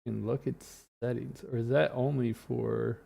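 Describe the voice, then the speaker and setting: Gravelly-voiced man chatting on a live stream. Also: mid-range voice, level tone, normal speed, mellow. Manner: mutters and swears while fiddling with stream settings.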